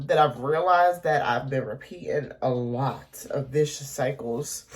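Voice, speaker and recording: A woman in her thirties talking haltingly to camera at home in a confessional vlog, close to tears, full of ums and pauses. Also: deep voice, darkish tone. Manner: hesitant, halting, many ums, emotional. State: on the verge of tears. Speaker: vlogger.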